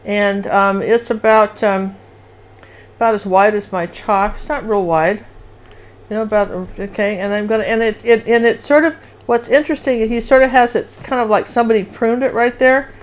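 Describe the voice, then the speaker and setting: A woman's voice: medium pitch, fairly even intonation, normal speed. Chatty woman teaching a live painting class. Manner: chatty, rambling, sings little "do do" rhythms while drawing. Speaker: painting instructor and show host. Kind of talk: live painting lesson with casual chat.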